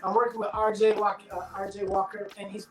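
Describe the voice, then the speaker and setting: A middle-aged actor being interviewed, telling stories in a loose, animated way and acting out his friends' voices. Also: high voice, a little fast, reverberant, music in the background, low-quality recording. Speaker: actor guest. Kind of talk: casual interview storytelling.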